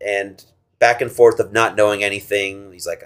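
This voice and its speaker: A man's voice: fairly low pitch, steady tone, normal speed, a bit bright, smooth. A man co-hosting a podcast, casually retelling a film's plot, laughing often and slipping into silly voices for the characters' lines. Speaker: podcast co-host. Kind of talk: casual movie recap chat.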